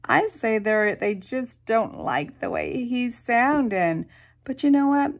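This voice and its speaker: A woman reading a picture book aloud to children, animated, with sound effects and soft whispered asides. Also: on the high side, slow. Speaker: storyteller.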